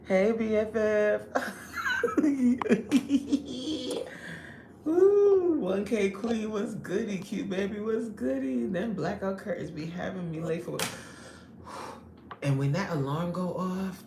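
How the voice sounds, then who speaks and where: Animated yet slow with long pauses, a woman's mid-range voice leads a casual live stream as she reads chat, greets viewers by name and laughs a lot. The sound is reverberant, with background noise.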